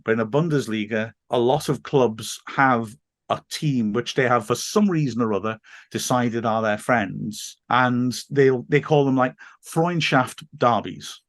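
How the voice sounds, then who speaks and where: An English man, a teacher, chatting in a relaxed podcast conversation, talking at length and often laughing. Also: mid-range voice, measured pace, no echo, studio quality. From England. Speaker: teacher and football guest. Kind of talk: casual podcast chat.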